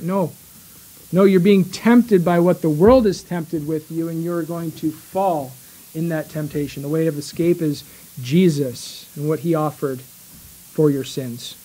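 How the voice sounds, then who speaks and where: A man with a high, light voice delivers a sermon in a small church. He speaks earnestly, dropping into slow, deliberate phrasing with pauses to drive each point home. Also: fairly even intonation, mellow, poor audio. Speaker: preacher.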